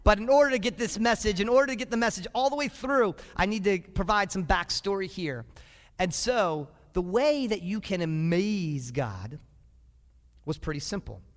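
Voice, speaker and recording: A man preaching a sermon as a pastor, lively and often asking the congregation questions. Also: high-pitched, normal speed, big-room sound.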